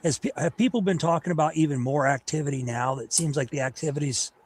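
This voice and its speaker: A man's voice: fairly high pitch, fast talker, husky. A man hosting a podcast, asking curious follow-up questions in casual chat. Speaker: host.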